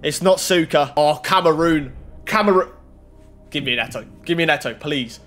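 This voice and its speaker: Faint music plays as this young man rips open FIFA packs for his YouTube channel, narrating casually until he bursts into excited shouts. He speaks at a moderate pace with a fairly high pitch.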